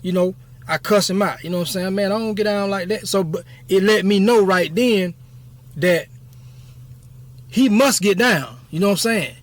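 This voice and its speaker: A man's voice: sits high, normal speed, pauses often. A man in his fifties telling a story from his past in a casual, rambling way, often checking in with "you know what I'm saying". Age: 50s. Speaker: YouTube storyteller.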